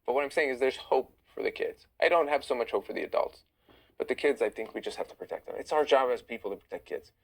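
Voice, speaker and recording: A man's voice: mid-range voice, fast talker, gravelly, poor audio. A tired man hosting a casual livestream, reading viewer questions aloud and answering them. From Iranian-American. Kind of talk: casual live chat. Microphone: phone livestream.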